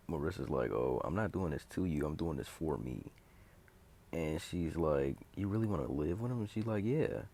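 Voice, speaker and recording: A young man with a very deep, gravelly voice talks through a TV episode in a loose, casual way. His tone is husky, and he quotes each character without really changing his voice. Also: darkish tone. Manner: retells scenes loosely, quoting characters in his own voice. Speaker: video recapper.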